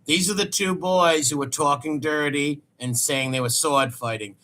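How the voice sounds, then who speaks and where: A man's voice: a little high, normal speed, sharp tone. A man hosting a crude, sarcastic commentary show, mocking clips he plays. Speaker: host.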